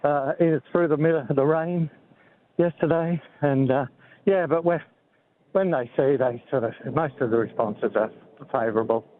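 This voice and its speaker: An Australian man in his seventies, speaking haltingly with many fillers and out of breath as he walks beside a highway. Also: a little hiss or hum. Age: 70s. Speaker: activist interviewee. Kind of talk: phone interview. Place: outdoors walking by a freeway. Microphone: phone. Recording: tinny phone line with faint outdoor ambience.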